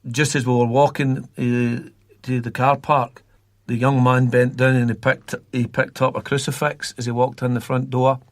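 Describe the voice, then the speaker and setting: A man's voice: mid-range voice, level tone, moderate pace, dry recording, clean studio sound. A Scottish man telling stories as a guest on a podcast, rambling and repeating words as he recalls them. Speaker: guest from a youth football academy. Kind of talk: storytelling in a podcast interview.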